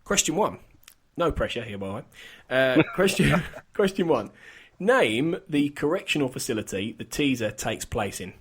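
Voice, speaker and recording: A man's voice: medium pitch, sing-song, normal speed, slightly rough. A man hosting a podcast, running a quiz in casual chat and laughing often. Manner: giggly, chatty quizmaster. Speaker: podcast host.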